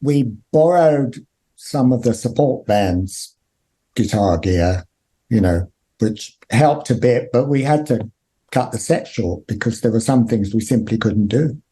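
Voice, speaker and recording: Slow, mellow-voiced hesitant man. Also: medium pitch. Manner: halting, hesitant, many fillers. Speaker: guitarist guest. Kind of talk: casual chat.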